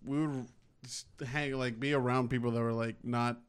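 A man's voice: medium pitch, fairly even intonation, moderate pace, smooth. A man making crude, laughing interjections in a casual podcast chat. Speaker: podcast co-host.

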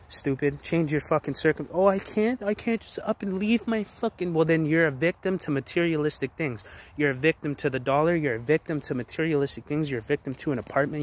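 A man in his twenties delivers an angry, profane rant to his viewers, talking in hard, rapid-fire declarations. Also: on the high side. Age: 20s. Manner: aggressive, heavy swearing, rapid-fire declarations. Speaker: vlogger. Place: outdoors in a forest.

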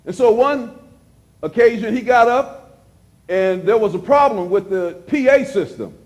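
A man preaching a sermon as pastor, repeating phrases for emphasis and dropping suddenly to a hush. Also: high voice, animated, a little slow.

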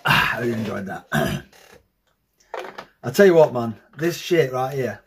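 A man in his thirties hosting a reaction video, talking in an excitable, heavily profane casual way. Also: medium pitch, measured pace, gravelly, breathy edge. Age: 30s.

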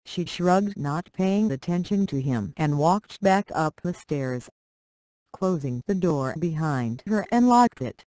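Slow, even story reader who speaks punctuation marks aloud, dry close sound. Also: medium pitch, no room sound. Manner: reads punctuation aloud literally. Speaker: narrator. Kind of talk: scripted story narration.

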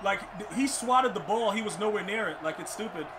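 High-voiced frustrated young gaming streamer. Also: male voice, expressive, fairly quick. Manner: frustrated, ranting, stammering restarts. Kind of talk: live gameplay commentary. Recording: clear background noise.

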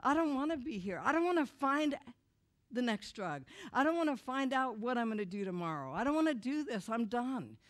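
A woman giving a candid personal testimony to an audience, swinging from loud outbursts to hushed, quiet lines. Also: a little high, very animated. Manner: candid and self-mocking, with quick asides to the listeners. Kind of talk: emotional storytelling to an audience.

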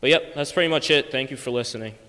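A teenage boy doing a stand-up routine as a student performer, talking in slang and getting loud as his story builds. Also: mid-range voice, quick pace, smooth. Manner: animated, slangy, exclaims loudly in places. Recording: echoey school studio hall.

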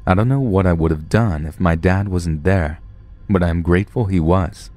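Deep-voiced man reading stories. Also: moderate pace, a little mellow, no room sound. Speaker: narrator. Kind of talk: reading first-person stories aloud.

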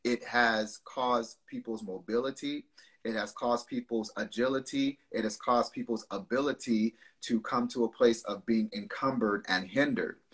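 A man's voice: medium pitch, husky. A man guest on a video-call interview, an author and pastor who slips into preacherly rhetorical questions. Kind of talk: casual interview, preaching at times.

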